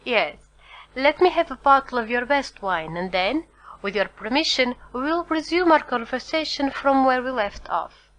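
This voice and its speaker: Woman doing a male priest, reserved, measured, probing. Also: high-pitched, animated, a bit bright, poor audio.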